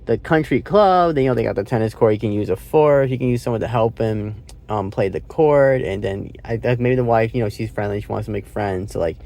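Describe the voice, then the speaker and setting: Lowish, creaky, and dark, his voice runs a little fast with hardly any pauses. He's in a car rambling through a movie review, dropping fillers and casual curses and laughing at how he tells it.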